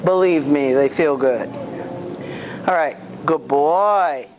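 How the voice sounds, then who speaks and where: A woman's voice: deep voice, takes it slowly, noisy background. A woman dog trainer coaching an owner in a hands-on session, blunt and firm, snapping commands at the dog.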